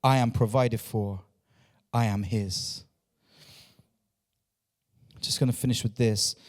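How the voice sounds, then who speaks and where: A man's voice: on the low side, fairly even intonation, slow, long reverb tail. A man preaching a sermon as pastor, repeating phrases and drawing answers from his congregation. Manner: repetitive, call-and-response with the congregation. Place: church.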